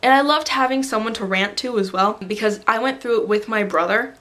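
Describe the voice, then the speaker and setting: Excitable young woman ranting to camera. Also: fairly high pitch, fairly quick. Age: young adult. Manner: excitable, rambling, lots of "like". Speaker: vlogger. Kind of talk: casual fan rant to camera. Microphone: camera on a tripod.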